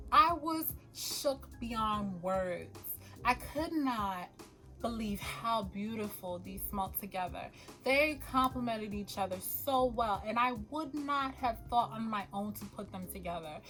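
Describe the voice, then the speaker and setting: A woman's voice: on the high side, measured pace, soft background music, rough recording. Chatty woman fragrance vlogger, laughing often. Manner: animated, laughs often, chatty, says y'all. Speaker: perfume vlogger. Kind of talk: casual chat to camera.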